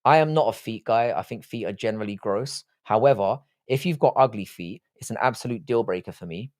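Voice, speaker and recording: A man's voice: fairly low pitch, a little fast, darkish tone. A young man hosting a casual live stream from a desk mic. He reads the chat aloud and answers it in a blunt, crude, joking way, swearing freely. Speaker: livestream host reading chat. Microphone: desk microphone, seated.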